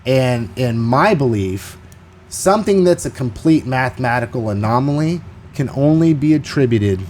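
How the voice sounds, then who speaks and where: A man hosting a podcast, telling a story in a casual, animated and rambling way. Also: medium pitch, moderate pace, a little hiss or hum. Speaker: podcast host.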